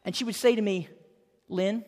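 A pastor in their fifties preaching a sermon in an earnest, animated way, often repeating words. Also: mid-range voice, unhurried, in a large hall, faint music behind. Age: 50s.

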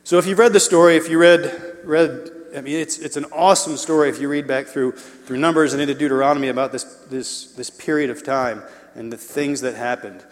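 A man preaching a sermon, animated and conversational, with his voice rising and falling in volume. He throws in playful asides to the congregation. The long reverb of a church hall trails after his words. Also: medium pitch, a little fast.

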